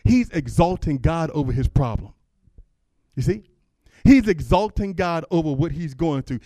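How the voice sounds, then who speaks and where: A man's voice: a little high, expressive, moderate pace, no echo. Fervent preaching man, dry close sound. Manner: conversational preaching, reads scripture aloud, rises to loud fervent calls. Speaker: pastor. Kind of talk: sermon.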